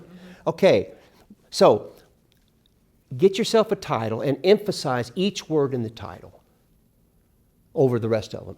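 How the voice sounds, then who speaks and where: A middle-aged man teaching a casual songwriting workshop, acting out lyric lines with lively emphasis. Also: mid-range voice, vocal fry, breathy edge. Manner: animated, sings and acts out lyric examples.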